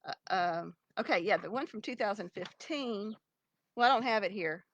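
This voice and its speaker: In lo-fi sound with no room echo, a middle-aged vlogger talks at normal speed in a mid-range voice with lively intonation. She addresses her ex straight to camera, nearly crying, in a pleading, rambling monologue with many fillers and restarts.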